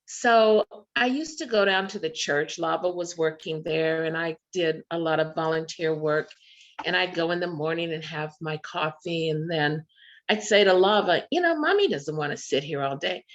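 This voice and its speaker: A woman's voice: low voice, steady tone, normal speed. A woman giving a memorial tribute speech, telling fond anecdotes over a video call. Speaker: memorial speaker. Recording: muffled video call audio.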